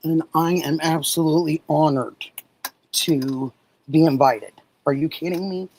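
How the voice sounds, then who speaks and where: A middle-aged woman from Oregon chats slowly and warmly with her livestream audience. She drifts between thoughts and lights up when she reads their messages. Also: deep voice, steady tone, a little hiss or hum, low-quality recording. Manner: warm, gushing, reads and answers chat messages. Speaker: livestream host. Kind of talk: casual livestream chat with viewers.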